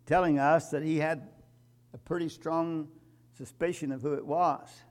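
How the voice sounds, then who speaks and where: A man preaching a sermon, emphatic, building to loud repeated climaxes. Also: on the high side, takes it slowly, long pauses.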